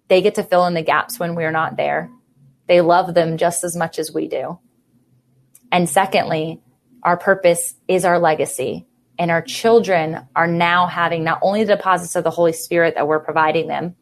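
Woman in her 30s, faith podcast host, fervent and preachy, lowish voice.

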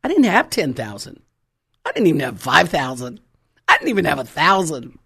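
A woman preacher telling her testimony in a sermon, animated and fervent, acting out the people in her story. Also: deep voice, moderate pace, creaky, slightly rough. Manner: fervent, exclamatory.

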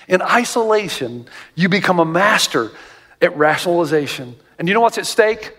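Pastor guy preaching, high voice, big echoey church hall, acts out voices as he goes. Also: normal speed. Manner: animated storytelling, jumps high for quoted voices. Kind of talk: sermon. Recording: long reverb of a large hall.

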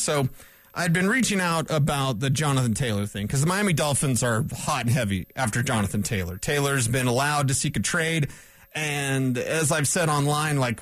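Chatty sports host, dry close sound. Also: male voice, medium pitch, moderate pace, dry recording. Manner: chatty, animated, uses quoted asides. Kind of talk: casual sports talk monologue.

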